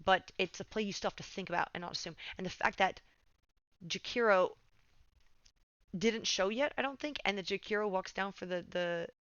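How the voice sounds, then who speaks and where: A woman's voice: mid-range voice, normal speed, a bit bright, clean tone, no echo, dull audio. A young woman giving casual game coaching over a replay, swearing often and getting heated as she rants.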